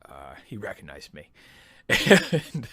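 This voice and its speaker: A man in his thirties, an army veteran, telling his own story as a podcast host in a relaxed, self-deprecating way. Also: low voice, slow, slightly rough. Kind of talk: personal memoir storytelling.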